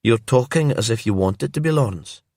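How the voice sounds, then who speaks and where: A man voicing a quiet, stubborn island man in a calm storybook crime tale, speaking in short, subdued replies. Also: medium pitch, brisk, no echo, clean studio sound. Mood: guarded.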